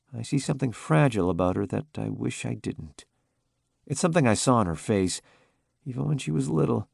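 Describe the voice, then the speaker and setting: A man narrating a romance audiobook in the first person, in a calm, intimate storytelling manner. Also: on the low side, gravelly, no echo, clean studio sound.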